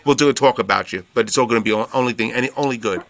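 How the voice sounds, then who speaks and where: A man's voice: medium pitch, rapid-fire, gravelly, a bit bright. A man co-hosting a podcast in casual chat, rambling with many fillers and frequent laughter. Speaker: podcast co-host.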